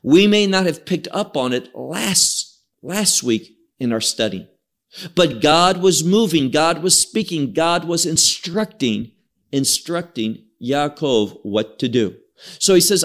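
Slow, lively-voiced man teaching a Bible study. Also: a little high. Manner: expressive, draws out key words and repeats himself; cites Hebrew words from the text.

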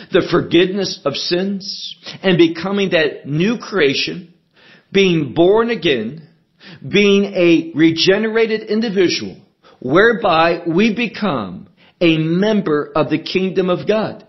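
A man teaching a sermon verse by verse, measured and emphatic, asking questions and answering them himself. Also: fairly high pitch, highs cut off. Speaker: preacher.

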